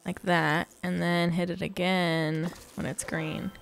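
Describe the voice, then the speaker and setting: A woman hosting a casual let's-play, chatting excitedly and squealing little cheers as she plays. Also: lowish voice, takes it slowly, vocal fry, a little hiss or hum. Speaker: gaming channel host.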